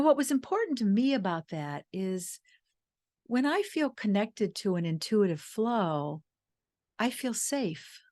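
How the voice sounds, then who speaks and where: Soft-spoken woman, earnest storyteller. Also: fairly high pitch, no echo, clean studio sound. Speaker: guest speaker. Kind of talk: personal storytelling talk. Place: retreat venue.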